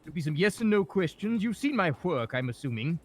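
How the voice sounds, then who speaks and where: A man's voice: sits high, very animated, fast talker, faint music behind. A man voicing a pompous, self-important freelance journalist in a game role-play, fussy and fond of repeating words.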